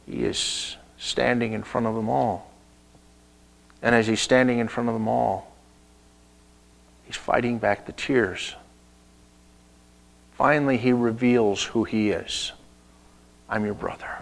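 A male pastor preaches, retelling a story with many rhetorical questions and sudden dips into hushed tones. His voice sits in a middle pitch with a steady gravelly creak. His delivery stays animated throughout. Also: takes it slowly, pauses often, rough recording. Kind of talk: sermon.

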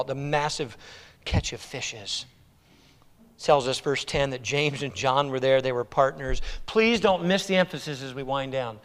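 A man preaching an animated sermon, his voice rising to exclamations and then dropping to a hush. His voice is fairly high for a man. The sound rings with long reverb from a large church hall. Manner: animated, exclamatory, swings between loud and hushed. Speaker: pastor.

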